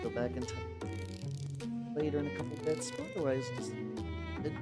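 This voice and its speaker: A man chatting casually with his viewers on a livestream, talking in halting, rambling runs full of restarts and fillers. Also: fairly high pitch, fairly even intonation. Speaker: streamer painting miniatures. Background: faint background music.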